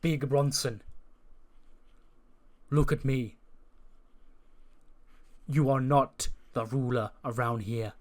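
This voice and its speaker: An imposing wrestler lays down his claim in a commanding, menacing tone, voiced by a man. His pitch stays at a normal male level. He sounds certain he rules everyone around him. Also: steady tone, takes it slowly, pauses often, lightly acted.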